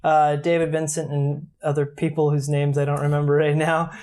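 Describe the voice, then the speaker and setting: A man's voice: a little high, monotone, normal speed, a little mellow. A man co-hosting a casual podcast, talking in a loose way, swearing and restarting his sentences. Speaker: podcast co-host. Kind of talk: casual chat.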